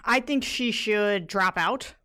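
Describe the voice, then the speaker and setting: A woman's voice: mid-range voice, takes it slowly, pushed and bright. A woman co-hosting a podcast in casual chat, giving frank opinions. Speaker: podcast co-host.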